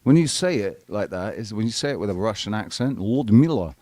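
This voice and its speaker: A man's voice: fairly low pitch, expressive, fast talker, a little mellow, no room sound. A man hosting a casual live panel chat, rambling, crude and joking. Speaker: live show host.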